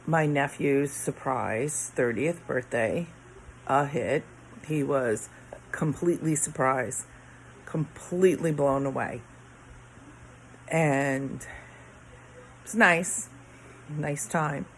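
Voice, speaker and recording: A woman's voice: sits low, takes it slowly, pauses often, a little hiss or hum, low-quality recording. A tired middle-aged woman rambling late at night in her bedroom, yawning and sighing as she trails off mid-thought. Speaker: vlogger. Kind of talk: casual late-night chat to camera.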